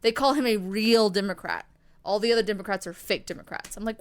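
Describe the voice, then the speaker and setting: A woman's voice: medium pitch, fast talker. A woman in her thirties co-hosting a podcast, rambling in casual chat, full of "like" and casual swearing. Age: 30s. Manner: chatty, rambling, swears, lots of fillers. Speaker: podcast co-host.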